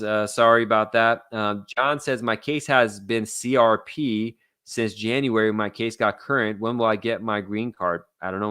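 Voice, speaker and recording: Blunt, bright-voiced male lawyer. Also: fairly low pitch, no room sound, studio quality. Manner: casual, reads out viewer questions and answers bluntly. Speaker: immigration lawyer. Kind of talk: live Q&A stream.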